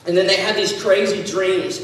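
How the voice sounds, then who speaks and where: A man's voice: high-pitched, normal speed, a bit bright. A man preaching to a youth group, retelling a story in a joking, slangy way and acting out its people. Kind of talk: casual youth sermon. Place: large echoey hall. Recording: echoey hall from far off.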